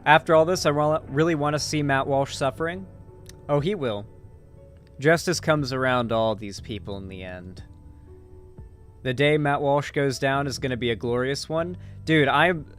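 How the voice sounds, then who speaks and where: A man's voice: mid-range voice, moderate pace, a bit bright, faint music behind. A man doing livestream reaction commentary, talking casually, profanely and rambling to his chat. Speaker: streamer and political commentator.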